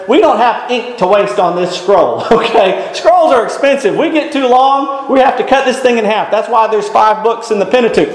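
A man preaching a sermon, teacherly and animated, with folksy asides. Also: high-pitched, roomy sound, rough recording.

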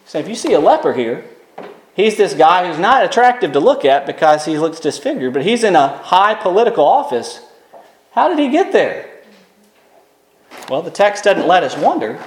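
Animated high-voiced preacher man in echoey room. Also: normal speed. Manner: animated preaching, reading scripture aloud with emphatic rises. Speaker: pastor. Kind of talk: sermon.

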